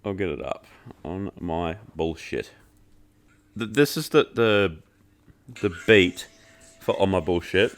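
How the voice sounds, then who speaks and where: A man with a very low voice hosts a podcast and reviews an album in relaxed chat. He jokes around, swears freely and fills his sentences with "like". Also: slow, long pauses. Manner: loose and joking, heavy filler "like", swears freely. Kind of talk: casual chat.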